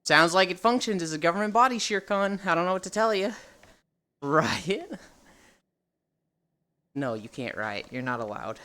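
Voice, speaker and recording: A woman streamer chatting casually with her live chat, teasing viewers and telling animated stories. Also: lowish voice, normal speed, pauses often. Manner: animated storytelling with laughter.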